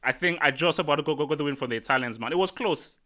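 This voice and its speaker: Bright-voiced rambling male streamer. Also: a little high, racing. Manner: rambling, repeats words, animated. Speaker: livestream host. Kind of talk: casual live chat.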